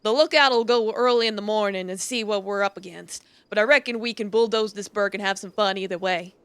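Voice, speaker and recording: A man's voice: sits high, a little fast, bright, forceful tone, clear, resonant tone, no echo. A woman voicing a scheming male outlaw gang leader in a put-on Southern drawl, with folksy Old West talk. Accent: put-on American Southern drawl.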